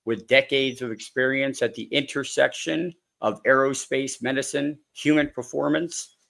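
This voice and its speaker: A man hosting a podcast, excitable and chatty, filling his speech with "like". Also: medium pitch, gravelly. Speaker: podcast host. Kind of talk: casual podcast interview.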